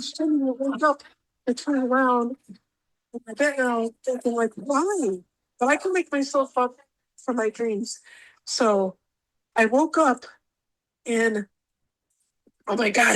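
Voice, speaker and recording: A woman with a somewhat high voice recounts a personal experience as a podcast guest. She talks in an animated, emotional way and circles back over the same phrases again and again. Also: measured pace, pauses often, poor audio. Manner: rambling, repeats herself, animated.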